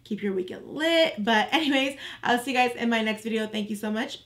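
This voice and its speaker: A woman's voice: a little high, fairly quick. Chatty young woman doing a makeup tutorial. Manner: chatty, relaxed, addresses viewers as "you guys". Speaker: beauty vlogger. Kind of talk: casual makeup tutorial talk.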